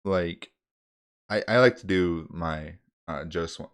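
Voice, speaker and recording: A man's voice: low-pitched, takes it slowly, clean tone. A man co-hosting a podcast, chatting casually and laughing now and then. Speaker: podcast co-host. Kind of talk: casual chat.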